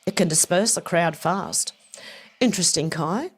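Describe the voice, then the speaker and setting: A woman's voice: on the low side, slightly rough. An Australian woman hosting a casual livestream, rambling and chatty as she talks to viewers and reads their comments. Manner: rambling, chatty, repeats herself, quick laughs. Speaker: livestream host.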